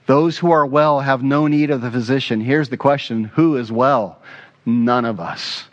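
Male pastor, mid-pitched, earnest emphatic sermon delivery, repeats key lines, slightly dull lo-fi recording. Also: steady tone, moderate pace.

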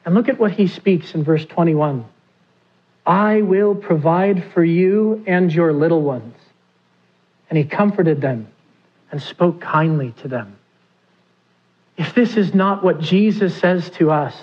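A man's voice: a little high, measured pace, pauses often, slightly rough, dull audio. A man preaching a sermon, who asks his listeners questions and acts out the pleas he quotes. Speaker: pastor.

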